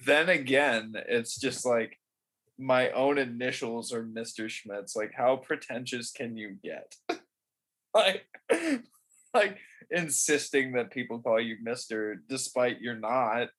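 Man, husky breathy voice, rambling sarcastic podcast banter, casual. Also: mid-range voice, a little slow, fairly bright tone. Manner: rambling, sarcastic, laughing often.

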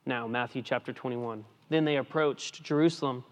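A male pastor preaching a sermon, swinging between hushed and emphatic lines, with casual asides. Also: medium pitch, moderate pace, muffled recording. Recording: long hall reverb.

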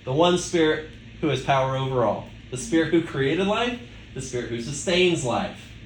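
A man's voice: mid-range voice, animated, normal speed, a little hiss or hum. A male pastor preaching a sermon in a conversational way, asking the listeners rhetorical questions. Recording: echoey room with faint ambience.

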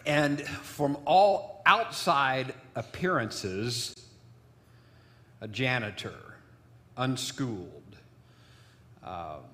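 A man's voice: fairly low pitch, a bit bright, in a large hall. A man giving a sermon, telling a story in a loose, rambling way with many fillers. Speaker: preacher.

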